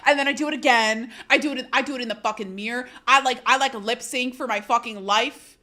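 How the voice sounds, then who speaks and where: Bright-voiced animated woman streamer. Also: on the high side, fast, hardly any pauses, slight background noise. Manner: animated, laughs often, swears casually. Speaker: live streamer. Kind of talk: casual chat with viewers.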